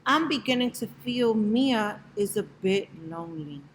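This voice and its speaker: Calm, measured male teacher, read by a woman; slow storybook reading. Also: mid-range voice, slight background noise, natural voice, poor audio.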